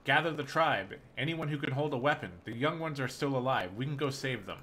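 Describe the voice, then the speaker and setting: A man's voice: medium pitch, expressive, quick pace, pushed and bright, a little hiss or hum. A man reading the lines of an eager, hasty, half-scaled mongrel man in a game, in an urgent, raised, pleading voice.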